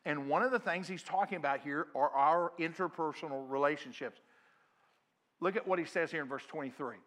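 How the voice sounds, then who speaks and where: A middle-aged man preaching a sermon as pastor, earnest, growing louder when he quotes scripture. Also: fairly high pitch, fairly quick. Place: church sanctuary.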